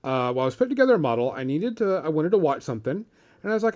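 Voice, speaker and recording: A man co-hosting a podcast, telling a casual story with lively swearing. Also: fairly high pitch, racing, lo-fi sound. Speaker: podcast co-host. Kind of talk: casual chat.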